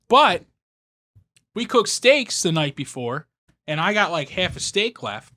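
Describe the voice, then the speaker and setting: A man's voice: a little high, measured pace. A young man co-hosting a comedy podcast, telling stories with lots of swearing and acted-out quotes. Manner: animated storytelling, swears often, acts out quotes. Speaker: podcast co-host. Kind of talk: casual comedic podcast banter.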